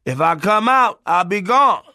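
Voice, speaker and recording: A man's voice: high voice, big pitch swings, measured pace, bright, forceful tone, no echo, clean studio sound, pitched above the performer's own voice, exaggerated voice. A man doing a plaintive locked-up uncle. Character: unstable middle-aged uncle locked away.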